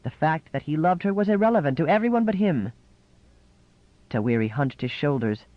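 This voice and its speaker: A man reading a novel aloud in measured, scripted narration. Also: fairly high pitch, lively intonation, dry recording, dull audio. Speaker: audiobook narrator.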